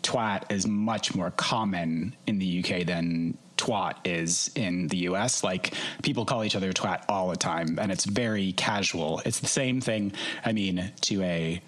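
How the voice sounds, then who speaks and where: This is a man speaking in a slightly low voice. He talks in a loose, chatty way as a podcast guest, laughing easily and stumbling over his restarts. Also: unhurried, few pauses, a bit bright. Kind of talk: casual podcast chat.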